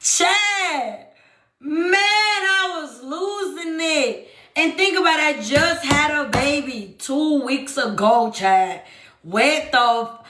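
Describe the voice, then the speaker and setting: A young woman telling a story on a live stream, animated and profane, often calling out to her chat. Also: high voice, reverberant, background noise. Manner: animated, swears freely, keeps addressing the chat. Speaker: livestream host.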